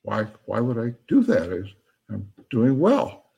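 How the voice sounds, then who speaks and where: A man's voice: mid-range voice, huge pitch swings, slow pace, gravelly, mellow, breathy edge, lo-fi sound, heavily acted. Man doing a nervous, stammering shopkeeper. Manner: hesitant, stammering, pleading. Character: anxious ordinary male shopkeeper, easily bossed around.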